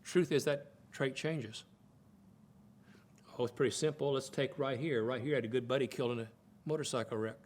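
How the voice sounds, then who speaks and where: A man's voice: medium pitch, fairly quick, pauses often, darkish tone. An older man giving a folksy, conversational teaching talk at a Bible college, often repeating words as he thinks aloud.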